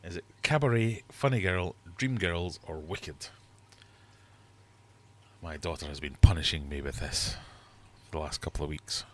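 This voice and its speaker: A man's voice: low voice, measured pace, a little hiss or hum. A middle-aged man hosting a casual livestream quiz from his fish room, chatty and jokey as he reads out questions and scores. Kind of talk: casual live quiz chat.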